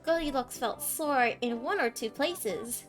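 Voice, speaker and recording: A woman's voice: high-pitched, measured pace. A woman streamer reading a fairytale aloud on a live stream, giggling and stumbling over words between chatting with viewers. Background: faint background music.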